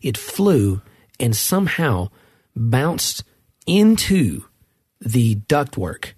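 A middle-aged man with a husky, slightly breathy voice tells a rambling story full of restarts and asides. The sound is close and dry, with no room around it. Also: medium pitch, very animated, very slow, darkish tone, no room sound. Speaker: podcast co-host. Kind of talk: casual chat.

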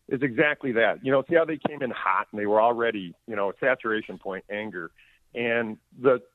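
Here a county sheriff is a guest on a radio interview, his medium-pitched voice coming through a tinny phone line without any room sound. He talks firmly and plainly, repeating words for emphasis.

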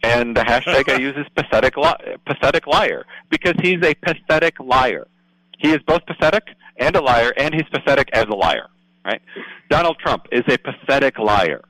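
A man's voice: medium pitch, expressive, moderate pace, fairly bright tone, no room sound, poor audio. A man speaking as a political guest on a radio show, earnest and explanatory, often asking "right?". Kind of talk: casual radio talk.

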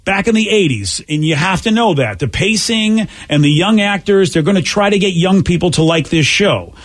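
Male radio host, husky and a touch high, loose rambling studio banter. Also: lively intonation, normal speed. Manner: rambling, self-correcting.

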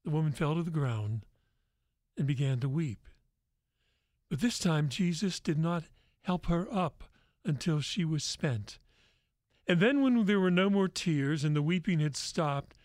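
A priest hosts a radio talk show and narrates in a slow, gentle, measured voice. His pitch sits slightly high for a man. The sound is dry and close to the mic. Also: no echo.

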